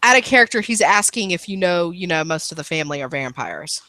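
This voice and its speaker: A woman's voice: lowish voice, expressive, a little fast, bright, forceful tone, no echo. A woman narrating a tabletop role-playing game as game master, casual and rambling with many fillers.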